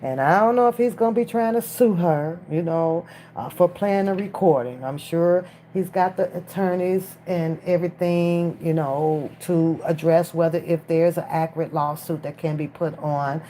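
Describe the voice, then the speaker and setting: A woman's voice: on the low side, normal speed, warm tone, slight background noise. A woman chatting casually on a live stream from her phone, talking straight to the viewers in chat. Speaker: livestream commentator.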